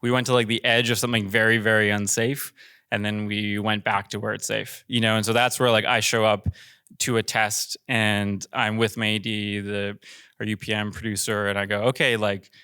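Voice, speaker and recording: A commercial director talks casually on a panel, with lots of fillers and a rambling way of telling his story. His voice sits a little low but sounds bright and smooth. The sound is dry and close. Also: little pitch movement, normal speed, no echo. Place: theater.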